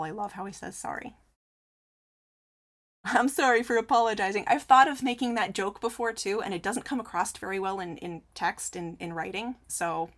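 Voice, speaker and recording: A woman's voice: on the low side, creaky. A woman chatting casually on a live crochet stream, reading out viewer messages and answering them with frequent laughs. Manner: chatty, reads chat aloud and answers, laughs often.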